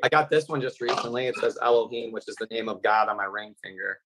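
A man's voice: lowish voice, quick pace, background noise. Rambling man on a video call. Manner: long-winded, meandering, filler-heavy. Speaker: defendant in a court hearing. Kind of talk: rambling joke storytelling.

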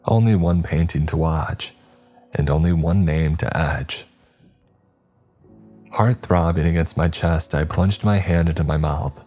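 Very deep, husky male horror narrator. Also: a little mellow, faint music behind. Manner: dramatic, measured storytelling.

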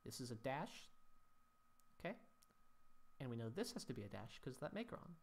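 A man's voice: mid-range voice, very animated, normal speed. A man teaching Latin poetry scansion, thinking aloud as he works through each line, with mock-dramatic sighs at the rule-breaking.

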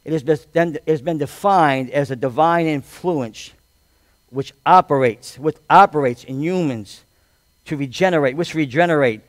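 A male pastor preaching a sermon, reading scripture and building to loud, drawn-out, emphatic shouts. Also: fairly high pitch, no room sound. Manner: reads scripture aloud with commentary.

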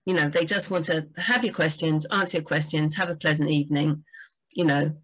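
A woman's voice: low-pitched, fairly even intonation, fairly quick, slightly rough, poor audio. A woman, a book doctor, giving enthusiastic, chatty writing advice on a livestream. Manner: enthusiastic, chatty, frequent fillers.

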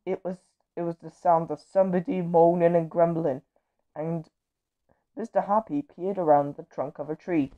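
Woman reading a children's story, low voice. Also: moderate pace, no echo, phone-quality sound. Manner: gentle, expressive storytelling. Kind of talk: children's story read-aloud.

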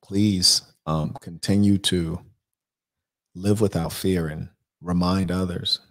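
A man hosting an advice livestream, giving blunt, measured answers to viewers' questions. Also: low voice, steady tone. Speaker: life coach host.

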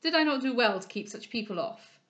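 A stern old doctor from a storybook speaks briskly with gruff kindness, read by a woman. Her voice stays fairly high. The recording is dull and lo-fi. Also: animated, fairly bright tone.

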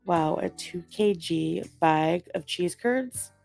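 Chirpy woman with a gravelly vlog voice. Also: on the low side, slow, darkish tone, soft background music. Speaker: vlogger. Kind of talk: casual vlog to camera.

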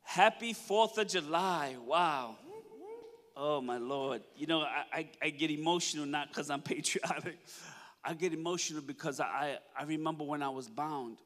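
A man's voice: a little high, fairly even intonation, normal speed, fairly bright tone. A man preaching a sermon as pastor, emotional and declaring, calling on his congregation to respond. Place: church service.

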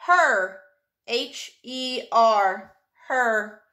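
A woman's voice: on the high side, drawn-out words, bright, forceful tone. A woman teaching a phonics workbook lesson to a child, sounding out letters patiently.

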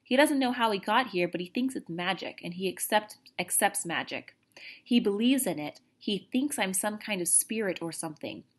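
A woman's voice: mid-range voice, lively intonation, moderate pace, lightly acted. A woman reading aloud and voicing a young boy who urgently guards a secret and insists on being heard.

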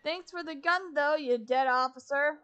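A woman streamer talks her way through a game in casual running commentary. Her voice sits a little high, and her self-talk is chatty, wry and sarcastic. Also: normal speed, a bit bright, highs cut off, soft background music.

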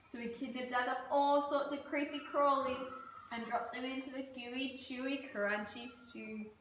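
A woman reading a picture book aloud to preschoolers, slowly and playfully. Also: high-pitched, slight background noise. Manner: slow, expressive, playful. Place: preschool room. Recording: echoey room from far off.

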